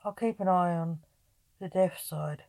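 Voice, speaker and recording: A woman's voice: lowish voice, unhurried, vocal fry, a little mellow. A woman voicing a stern, protective necromancer father in a gothic audio story. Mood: concerned.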